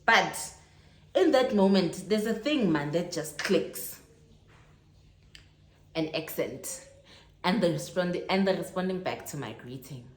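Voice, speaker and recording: A young South African woman telling a lively travel story in a casual vlog, acting out the dialogue as she goes. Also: lowish voice, unhurried, long pauses, reverberant, slight background noise. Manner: animated storytelling, acts out dialogue. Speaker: vlogger. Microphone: phone on tripod.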